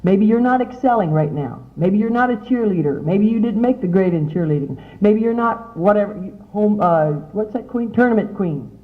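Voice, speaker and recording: A middle-aged woman gives an animated motivational talk to teen girls, often asking her audience questions. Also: mid-range voice, moderate pace, hardly any pauses. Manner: chatty, animated, asks the audience many questions. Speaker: speaker at a youth conference. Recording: tinny, phone-like lo-fi sound.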